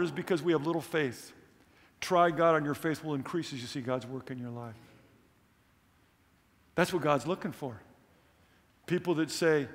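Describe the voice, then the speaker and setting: A man's voice: fairly high pitch, in a large hall. A man preaching a missions sermon in a church, emphatic, with humorous asides and rising questions.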